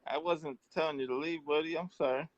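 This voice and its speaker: A man's voice: a little high, fairly even intonation, no echo. A man hosting a casual talk show, wrapping up in an easygoing way. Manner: slow, easygoing wrap-up talk. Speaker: show host. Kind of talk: casual chat. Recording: dull, lo-fi dry sound.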